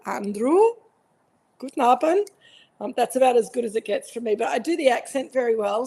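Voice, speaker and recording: A woman's voice: fairly high pitch, vocal fry, dark tone. An Australian woman hosting a live online wine tasting from home, chatting casually, greeting viewers by name with lots of fillers. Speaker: winemaker and host of a live virtual tasting. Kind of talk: casual live-stream chat.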